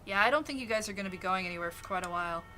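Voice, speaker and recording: A woman's voice: medium pitch, racing, pushed and bright, soft background music, lightly acted. A woman voicing a casual young woman in a game, speaking offhandedly.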